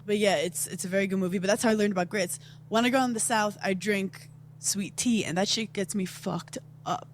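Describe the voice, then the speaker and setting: A woman's voice: mid-range voice, fairly quick, a little hiss or hum. A woman with a New York accent, a podcast guest in casual banter, brash, teasing and crude.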